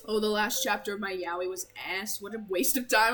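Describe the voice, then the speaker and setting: A woman's voice: mid-range voice, a little fast, few pauses, a bit bright, faint music behind, low-quality recording. A young woman streaming a game, chatting in a playful, giggly, rambling way. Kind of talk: casual live-stream chat while playing a game.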